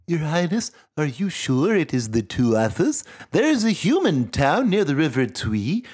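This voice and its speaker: An old, wise fairy counselor, as a man puts him on, who weighs his words with care. His tone is cautious and measured, close to a plain reading voice. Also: fairly high pitch, very animated, darkish tone, breathy edge, exaggerated voice.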